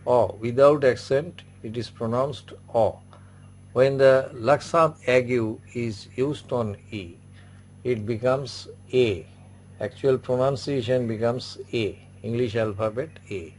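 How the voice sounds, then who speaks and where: A man's voice: medium pitch, a little slow, darkish tone, a little hiss or hum. A man teaching an online French class, patiently repeating each word and example several times. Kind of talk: online language lesson.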